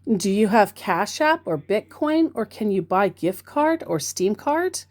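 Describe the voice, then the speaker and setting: A woman's voice: medium pitch, very animated. A woman reading a pushy young scammer man. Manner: demanding, blunt, hurried. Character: pushy young male online romance scammer.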